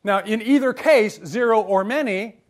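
Guy lecturing a crowd, fairly high voice for a man, jokey, keeps tossing questions at the room. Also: normal speed. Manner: lively and joking, asks the audience questions. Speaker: university lecturer. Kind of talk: humorous lecture to a live audience.

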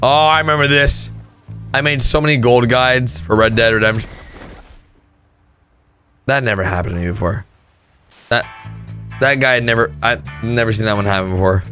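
A young man commentating on gameplay clips with excited outbursts and shouts. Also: medium pitch, moderate pace, pauses often, faint music behind. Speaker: gaming commentator.

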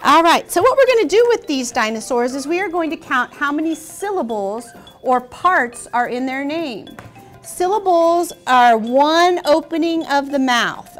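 High-voiced, patient kids' show hostess. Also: female voice, lively intonation, normal speed, faint music behind. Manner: patient, encouraging, asks questions. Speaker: host of a children's show. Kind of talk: teaching young children.

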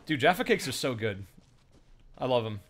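A man's voice: medium pitch, lively intonation, normal speed, a bit bright. Chatty man streaming a game. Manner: chatty, thanks viewers, mutters asides. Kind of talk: live game commentary.

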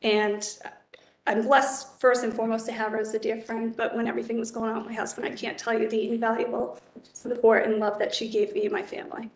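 Nominee, woman in her forties, steady and flat, slightly high voice, echoey hearing room. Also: fairly quick. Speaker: judicial nominee. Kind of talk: formal testimony at a public hearing. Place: council hearing chamber.

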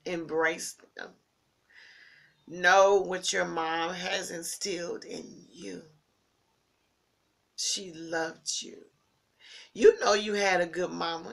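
A grieving woman giving a heartfelt personal tribute, slow and near tears, repeating her phrases and dropping at times into breathy whispers. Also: fairly low pitch, a bit bright. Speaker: vlogger sharing a personal tribute. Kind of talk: emotional personal monologue.

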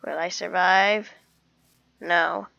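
A woman with a fairly low, steady voice speaks very slowly, with a creaky, sharp tone and slight background noise. She's a gamer narrating her own survival game in casual let's-play style, describing each step to herself. The recording sounds dull and lo-fi.

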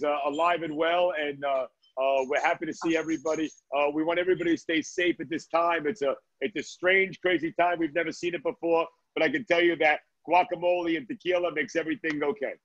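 A man from Brooklyn, a chef, talking on a video call from his restaurant. His voice sits a little high for a man, and he rambles warmly through stories with plenty of "uh"s and "right?"s. The sound is dry and dull, like lo-fi call audio. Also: steady tone, a little fast, no room sound. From Brooklyn, New York. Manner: chatty storyteller, many "uh"s and "right?". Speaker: guest chef. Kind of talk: casual video-call chat.

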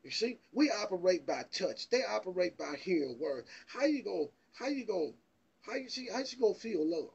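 An excitable man preaching informally from the Bible, stammering over repeated words and pressing rhetorical questions. His voice sits high and gravelly with a husky edge. The recording is muffled and lo-fi. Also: brisk. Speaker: Bible teacher.

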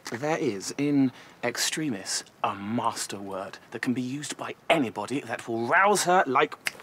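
An actor playing a confident young suitor who lectures in a self-assured way. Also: male voice, mid-range voice, expressive, a little slow, fairly bright tone, slightly rough. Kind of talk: period TV comedy acting.

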